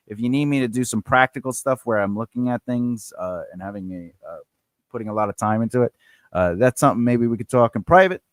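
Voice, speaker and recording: A man's voice: medium pitch, no room sound, clean studio sound. A man hosting a casual live stream as a writing coach, chatty and rambling, with plenty of fillers, repeats and playful asides. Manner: playful, laughs often and reacts to the viewer chat.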